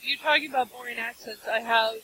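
A woman with a Minnesota Midwest accent, teasing loudly and laughing on a podcast. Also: fairly high pitch, fairly even intonation, a little fast, background noise. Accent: American Midwest, Minnesota. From Minnesota, USA. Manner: loud, teasing, laughing outbursts. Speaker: podcast co-host. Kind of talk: casual podcast chat.

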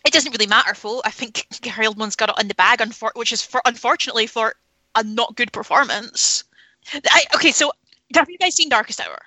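A woman's voice: a little high, a little fast, pushed and bright, dry recording, poor audio. A woman talking candidly about films in a casual podcast chat, opinionated and swearing freely. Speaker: film podcast panelist.

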